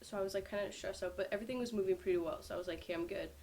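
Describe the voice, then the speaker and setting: A woman's voice: medium pitch, rapid-fire, dark tone. Chatty young woman telling a vlog story. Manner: chatty, lots of "like" fillers. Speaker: powerlifter vlogger.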